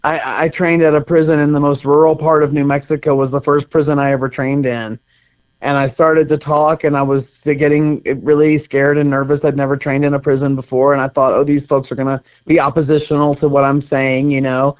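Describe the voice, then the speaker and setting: A man's voice: on the high side, flat delivery, a little fast. Earnest middle-aged man, dull audio. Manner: earnest, reflective, laughs often. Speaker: guest, center co-founder. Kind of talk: conversational interview.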